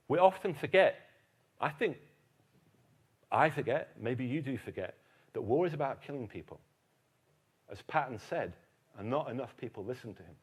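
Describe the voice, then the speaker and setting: A man giving a lively public lecture on history, telling stories emphatically. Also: mid-range voice, moderate pace, pauses often, slightly rough. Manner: animated storyteller, emphatic. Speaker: keynote speaker, historian.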